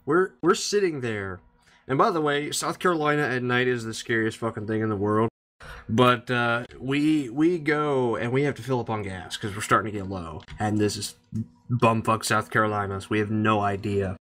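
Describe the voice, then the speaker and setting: A man on a casual podcast chat, recounting a trip in a relaxed, profane way. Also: mid-range voice, moderate pace. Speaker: podcast co-host.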